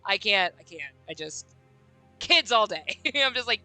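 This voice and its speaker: A woman streaming a game, chatting casually and reading dialogue aloud, giggling and gushing with squeaky quoted voices. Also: sing-song, moderate pace, pushed and bright, no room sound, soft background music, low-quality recording.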